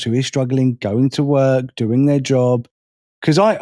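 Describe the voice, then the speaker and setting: A man co-hosting a casual podcast, speaking plainly and candidly. His voice sits at an ordinary male pitch and sounds dry, with no room around it. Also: a little mellow, dry recording. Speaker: co-host.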